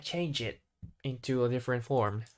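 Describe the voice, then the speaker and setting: A man practicing vocabulary on his own, thinking aloud in a hesitant, halting way and correcting himself as he goes. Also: mid-range voice, slight background noise. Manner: hesitant, halting, constantly restarting and self-correcting. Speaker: English learner.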